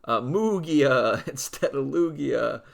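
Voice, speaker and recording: A man's voice: mid-range voice, animated, slow pace, gravelly. A young man giving casual gameplay commentary, listing names in a dry, matter-of-fact way with amused asides. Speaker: gaming video creator.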